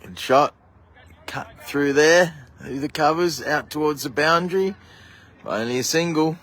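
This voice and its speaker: A man with an Australian accent commentating a local cricket match live while filming it outdoors on a camera mic, chatty and excitable, laughing often. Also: on the high side, unhurried.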